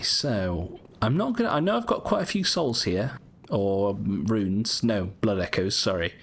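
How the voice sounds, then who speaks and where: Rambling British gamer commentator, lowish voice, faint hum under the track. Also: male voice. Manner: chatty, rambling, self-correcting. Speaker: gaming YouTuber. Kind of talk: casual game commentary.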